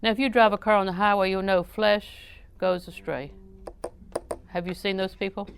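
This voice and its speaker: A woman's voice: medium pitch, fairly even intonation, moderate pace, vocal fry, clear, resonant tone. A woman preaching a sermon in a conversational, joking way, often questioning her audience.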